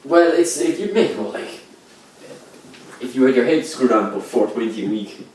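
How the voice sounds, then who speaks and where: A man's voice: mid-range voice, animated, normal speed, darkish tone, slight background noise. A young man telling laughing, slangy anecdotes in casual chat with friends. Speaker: comedy club member. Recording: echoey room, distant mic.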